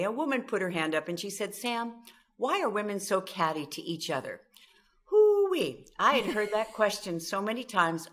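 Middle-aged woman from Southern California, animated expert guest, acts out dialogue. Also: medium pitch. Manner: animated, acts out quoted voices. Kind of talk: storytelling interview talk.

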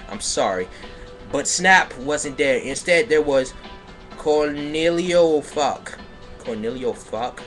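A man giving a comedic dramatic reading of bad fan fiction in a deadpan way, breaking character to mock the text. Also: medium pitch. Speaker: comedic reader. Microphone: home microphone on a livestream.

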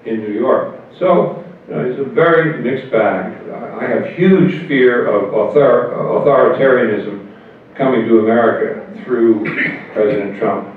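An older man answering questions at a convention, speaking in a measured, halting way with restarts. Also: mid-range voice, slight background noise. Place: large convention hall. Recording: echoey hall from far off over phone-like line.

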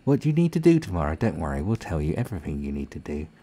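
British man putting on a deep, fake-caring government official who talks down to people and wants control. Keep it patronizing and dark. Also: big pitch swings, rapid-fire, husky, heavily acted. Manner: soothing, condescending, falsely caring.

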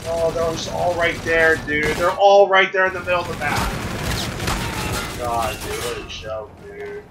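A young man giving casual, profane, excitable commentary on his own gameplay, talking to viewers. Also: on the high side, unhurried, heavy background noise. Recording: loud game gunfire behind.

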